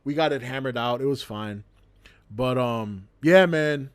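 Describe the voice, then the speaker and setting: A man's voice: mid-range voice, measured pace, clear, resonant tone. A man casually telling a story to his livestream chat, laughing often and swearing freely as he acts out the scene. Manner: laughs often mid-sentence, swears freely, animated retelling.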